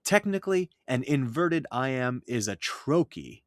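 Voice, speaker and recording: Guy teaching poetry meter, measured scripted delivery, dry close mic. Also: medium pitch, animated, no echo. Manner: measured, reads verse aloud with rhythm. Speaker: writing teacher. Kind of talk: scripted lesson narration.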